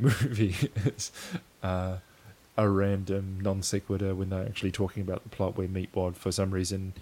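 A man's voice: low-pitched, darkish tone. A man co-hosting a podcast in casual chat, rambling loosely and laughing often. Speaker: podcast co-host. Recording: faint hiss.

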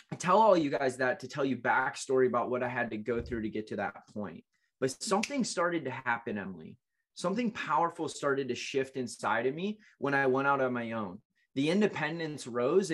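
A man's voice: medium pitch, lively intonation, normal speed, a bit bright. A man in his late twenties, a guest in an interview, telling his life story in an earnest, emotional way with frequent restarts. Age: late 20s.

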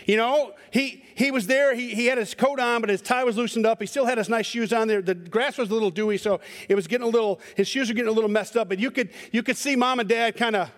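A male pastor preaching a sermon, telling a story in a lively, animated way with repeated words. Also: very high-pitched, fast, hardly any pauses. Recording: long hall reverb.

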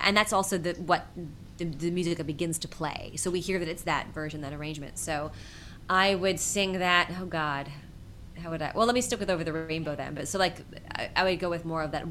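Bright, husky-voiced woman chatting animatedly. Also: fairly low pitch, slight background noise. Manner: animated, chatty, laughs often. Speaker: guest, impressionist and singer. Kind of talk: casual interview chat.

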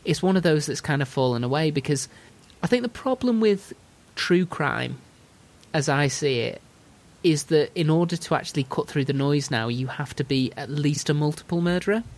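A man's voice: a little high, moderate pace. A man hosting a podcast, telling a story in casual chat with dry jokes. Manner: storytelling, dry jokes, puts on silly voices. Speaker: podcast host.

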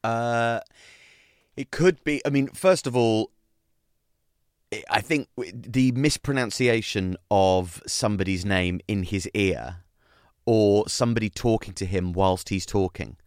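A man co-hosting a casual podcast chat, animated and quick to mimic people. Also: on the low side, clear, resonant tone, no room sound, clean studio sound. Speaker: podcast co-host.

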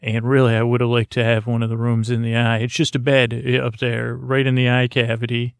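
A man telling an improvised comic story in a rambling, deadpan way. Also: mid-range voice, brisk, vocal fry, smooth, dry recording, studio quality.

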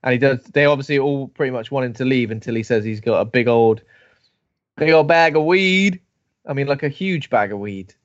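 A man's voice: mid-range voice, fairly quick, no echo. Male co-host, playful and chatty, muffled close recording. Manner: jokey, acts out characters in silly voices. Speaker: podcast co-host. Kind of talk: casual film review chat. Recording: slightly muffled, dry.

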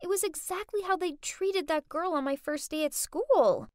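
Woman storyteller, high and lively, dramatic scripted narration, dry close sound. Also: moderate pace, dry recording. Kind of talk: scripted first-person narration.

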